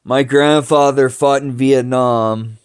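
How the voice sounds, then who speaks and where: A man telling family stories in a slow, halting way, restarting sentences often and cursing casually. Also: mid-range voice, steady tone, clear, resonant tone. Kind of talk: rambling family storytelling.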